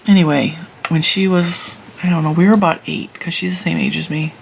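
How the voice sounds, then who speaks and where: Gravelly-voiced chatty yarn vlogger woman. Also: low-pitched, fairly even intonation, a little fast, slight background noise, low-quality recording. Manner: chatty, rambling, laughs at herself. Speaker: knitting and crochet channel host. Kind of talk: casual yarn review while knitting.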